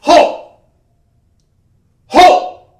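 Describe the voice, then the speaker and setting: A man playing a frightened young male police officer who barks commands at the top of his voice. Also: very slow. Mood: shouting. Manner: barking shouted commands. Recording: roomy sound from a distant mic.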